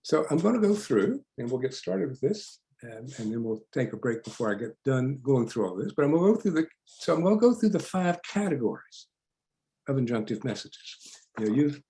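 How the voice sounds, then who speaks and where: A man's voice: mid-range voice, very animated, brisk, mellow. An older male psychologist leading a workshop, telling stories in a chatty lecture and often repeating words as he restarts. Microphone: online workshop recording.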